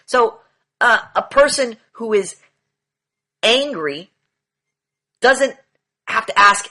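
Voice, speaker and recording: A man's voice: very high-pitched, animated, slow pace, long pauses, sharp tone. A man coaching a group in an online session, lecturing bluntly, repeating key phrases and swearing now and then. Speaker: demand training coach.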